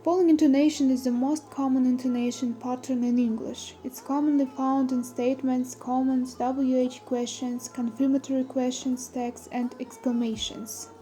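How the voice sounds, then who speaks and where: Young student girl from kyrgyzstan reading a lesson, high but mellow voice, slow careful examples, faint music behind. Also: level tone. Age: young adult. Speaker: student presenter. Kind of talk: read-aloud lesson presentation.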